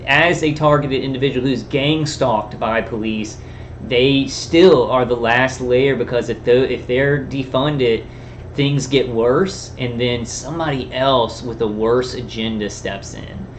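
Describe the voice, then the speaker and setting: A man talking in a halting, rambling monologue, full of restarts and fillers. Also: mid-range voice, fairly even intonation, slight background noise. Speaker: vlogger. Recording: dull lo-fi sound.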